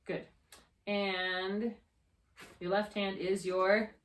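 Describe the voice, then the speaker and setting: A woman tutoring a child in reading, encouraging, patient and gently correcting. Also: medium pitch, flat delivery, drawn-out words. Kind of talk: one-on-one tutoring session. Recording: far-off mic in an echoey room with faint noise.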